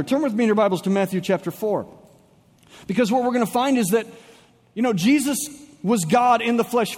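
A young man preaching a sermon as a pastor, telling a comic personal story with lively, animated delivery and shifting pace. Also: extremely high pitch, in a large hall. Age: young adult.

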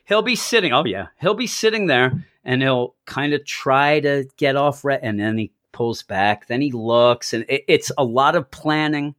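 A man's voice: mid-range voice, animated, moderate pace, few pauses, fairly bright tone. A middle-aged man co-hosting a podcast in casual chat, telling long rambling stories and chuckling as he goes. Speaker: podcast co-host.

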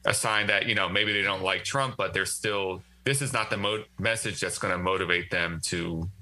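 Forceful talkative man guest. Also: deep voice, steady tone, moderate pace, slight background noise, poor audio. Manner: talkative, thinks aloud with many restarts. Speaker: guest, magazine writer. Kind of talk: casual political discussion.

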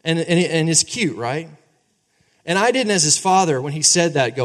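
Animated pastor preaching in an echoing hall. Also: male voice, fairly high pitch, normal speed. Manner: animated, conversational, asks the crowd for agreement. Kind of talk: sermon. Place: church sanctuary. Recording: long reverb of a large hall.

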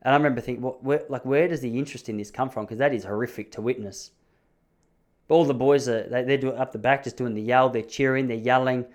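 Talking fast in a steady, medium-pitched voice, an Australian man in his thirties rambles through comic stories at his own expense during a casual chat, frequently restarting his phrases.

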